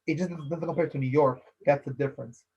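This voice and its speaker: A man's voice: a little high, steady tone, fairly quick, darkish tone, husky, lo-fi sound. A man hosting a casual solo podcast, rambling loosely, repeating phrases and filling with "you know". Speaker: podcast host. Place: based in Philadelphia.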